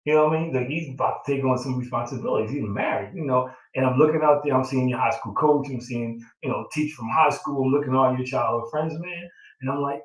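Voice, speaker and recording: A man's voice: medium pitch, quick pace. A middle-aged man, a proud father, telling a long heartfelt story in casual chat, with many fillers and an emotional tone. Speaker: father of the groom. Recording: roomy sound from a distant mic.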